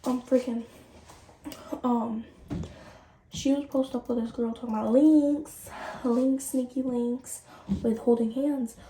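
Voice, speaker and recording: A woman's voice: fairly high pitch, slow, pauses often, a little hiss or hum. Chatty teen girl in a roomy bathroom. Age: late teens. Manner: chatty, animated, addresses viewers directly. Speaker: vlogger. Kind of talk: casual storytime chat. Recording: roomy and distant from the mic.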